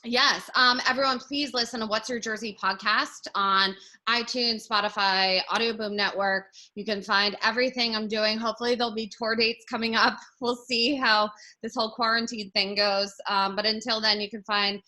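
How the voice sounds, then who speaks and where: A woman's voice: a little high, steady tone, normal speed, pushed and bright. A woman in her thirties, a podcast guest, chatting and telling stories in a loose, casual way full of fillers. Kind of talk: casual storytelling.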